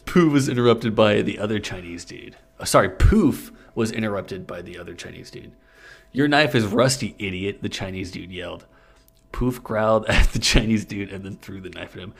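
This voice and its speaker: Gravelly low-voiced man reading aloud. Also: a little fast. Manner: reads aloud with frequent laughter and stumbles. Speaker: podcast co-host reading fan fiction aloud. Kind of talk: comedic podcast reading. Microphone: studio mic with pop filter.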